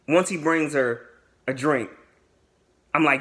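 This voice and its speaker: A man's voice: on the high side, takes it slowly, pauses often. A young adult man casually telling a dating story to his viewers, acting out the other people's lines in slangy speech. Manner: animated storyteller, acts out quoted dialogue in slangy speech.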